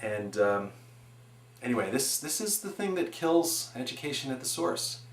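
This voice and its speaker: A man in his forties giving an earnest, animated presentation on education, building his points with examples. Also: medium pitch. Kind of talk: explanatory presentation. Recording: echoey room.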